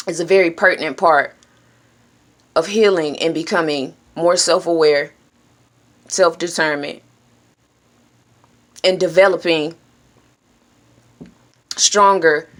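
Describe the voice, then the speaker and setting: A woman giving an earnest, encouraging self-help talk straight to her viewers. She speaks directly and plainly, now and then dropping into hushed shushing. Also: on the low side. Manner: drops to a hushed whisper when shushing. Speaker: vlogger.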